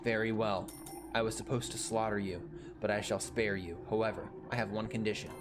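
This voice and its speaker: A man voicing an inhuman monster in a horror game, speaking slowly and solemnly with threats. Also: fairly low pitch, steady tone, over music, natural voice. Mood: menacing. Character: slow, menacing toilet monster from the depths.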